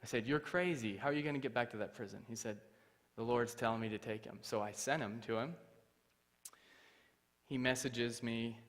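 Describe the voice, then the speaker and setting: A man's voice: medium pitch, moderate pace, pauses often, long reverb tail. A young man giving his testimony from a church stage. He tells the story with animation and acts out the other people's voices. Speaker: guest speaker. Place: church hall.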